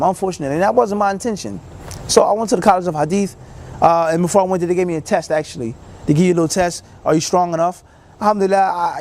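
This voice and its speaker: A man, an Islamic teacher, telling a personal story in a casual, animated way and acting out other people's lines. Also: fairly high pitch. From United States. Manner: casual, many fillers like "you know".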